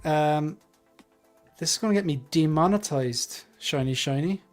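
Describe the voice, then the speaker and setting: A man's voice: fairly high pitch, soft background music. Joking man hosting a livestream. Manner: joking, quick asides to chat. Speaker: livestream host. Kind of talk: casual panel chat.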